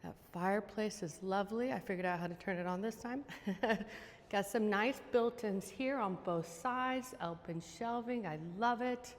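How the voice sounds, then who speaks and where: A woman's voice: medium pitch, unhurried, long reverb tail. A woman real estate agent giving a casual walking tour of a house, chatty and enthusiastic as she points out features. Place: outdoors then inside a large house.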